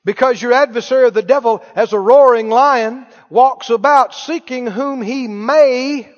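A man's voice: very high-pitched, a little slow. A man preaching a sermon, emphatic, firing questions at the congregation. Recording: muffled hall recording with long reverb.

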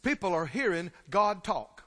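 A man preaching a sermon, emphatic and calling out to his congregation, swinging between hushed and shouted lines. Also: sits high, very animated, normal speed. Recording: long hall reverb.

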